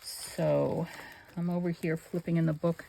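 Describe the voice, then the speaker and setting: While crafting on her channel, an older woman rambles and chats casually, often to herself. Her lowish voice is warm, creaky, and level, moving at a measured pace over a little hiss or hum.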